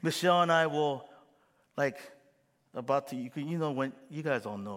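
A middle-aged man preaching a sermon as pastor, animated and acting out quoted voices with gasps. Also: medium pitch, normal speed, long reverb tail.

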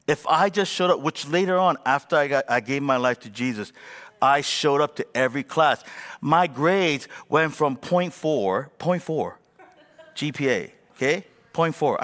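A male pastor in his forties preaching a sermon with animated, self-mocking storytelling. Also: fairly high pitch, normal speed. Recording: long reverb of a large hall.

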